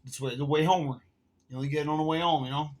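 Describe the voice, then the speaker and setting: A man's voice: on the high side, fairly even intonation, rapid-fire, a little mellow. A man ranting to camera in a casual vlog, telling a heated, profane story while smoking and drinking. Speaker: vlogger.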